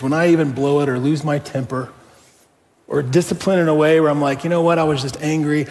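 A middle-aged man, a pastor, preaching a sermon in a conversational, animated way and telling a personal story with rhetorical questions. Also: fairly high pitch. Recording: long hall reverb.

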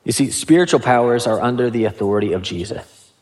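Male pastor, mid-pitched, relaxed conversational sermon delivery with casual asides. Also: fast.

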